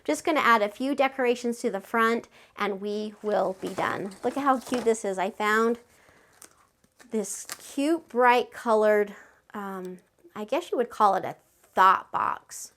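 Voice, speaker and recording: A woman hosting a step-by-step craft tutorial, chatty and friendly, gushing with excitement over her project. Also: medium pitch, a little slow.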